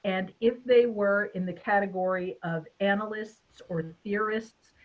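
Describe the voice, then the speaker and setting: An expressive, chatty woman hosting a webinar over a video call. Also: mid-range voice, unhurried, narrow, tinny audio. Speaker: webinar host. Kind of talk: casual webinar chat.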